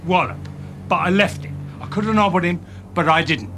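An actor playing a tough ex-convict who puts on a thick Cockney accent and talks in slangy, menacing street talk, heard in a film clip. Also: male voice, high voice, a little fast, background noise, pitched above the performer's own voice. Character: tough ex-con man, thick Cockney put-on. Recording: film clip with faint ambience.

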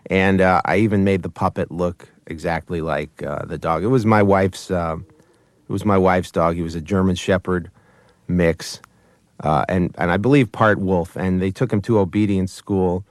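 A man who creates puppet shows, telling stories in a casual interview, animated and often laughing between his words. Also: low-pitched, dry recording. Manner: animated, laughs often mid-sentence, quick restarts.

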